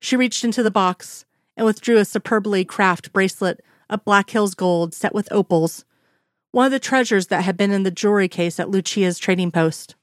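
A woman's voice: mid-range voice, normal speed, no echo, clean studio sound. A woman reading a story aloud, narrating steadily. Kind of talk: reading fan fiction aloud.

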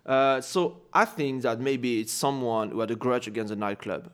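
A man from France speaking English with a French accent on a casual podcast. His mid-pitched voice is careful and measured, and he pauses to search for the right English word. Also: a bit bright, clear, resonant tone. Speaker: podcast co-host. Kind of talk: casual comedic podcast chat.

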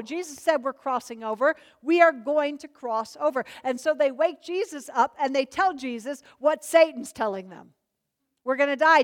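A woman preaching a sermon, emphatic, swinging between loud declarations and soft low asides.

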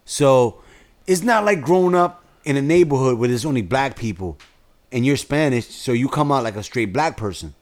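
A man's voice: medium pitch, animated, normal speed. A man from the North Bronx with a Bronx accent, co-hosting a casual podcast, telling profane stories and joking around. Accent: Bronx New York. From North Bronx, New York. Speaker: podcast co-host.

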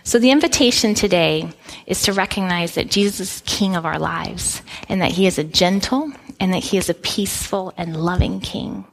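A middle-aged woman pastor giving a sermon, telling a personal story in a relaxed, conversational way with frequent restarts. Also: on the low side, normal speed, vocal fry.

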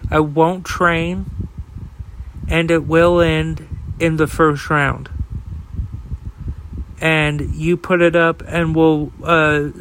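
A man's voice: fairly high pitch, level tone, drawn-out words, pauses often, a bit bright, a little hiss or hum, rough recording. A man hosting a podcast alone, ranting in a heated, profane way, with fillers and repeated starts. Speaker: podcast host. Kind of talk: casual solo rant.

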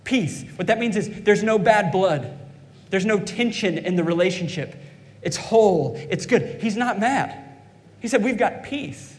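High-voiced preacher in a reverberant hall. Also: male voice, animated, measured pace. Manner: fervent preaching, calls to congregation. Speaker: pastor. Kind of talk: sermon.

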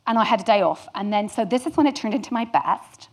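A woman's voice: medium pitch, lively intonation, quick pace, a little mellow. A woman candidly telling a work anecdote to an audience, with some swearing and self-deprecating humour. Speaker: storyteller guest.

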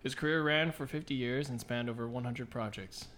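A man's voice: mid-range voice, brisk, a bit bright, a little hiss or hum. A man co-hosting a podcast, reading news items and joking around. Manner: jokey, puts on mock spooky announcer tones. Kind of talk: casual chat and news segments.

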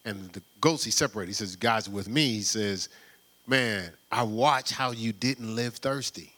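Bright-voiced man preaching conversationally. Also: fairly low pitch, moderate pace. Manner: conversational preaching with rhetorical questions and laughs. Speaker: pastor. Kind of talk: sermon.

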